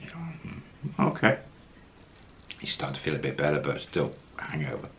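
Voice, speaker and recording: A man's voice: a bass voice, little pitch movement, quick pace, fairly bright tone, a little hiss or hum. A man casually telling a travel story, acting out the quoted lines as he goes. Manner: anecdotal, acts out quoted lines, chuckles.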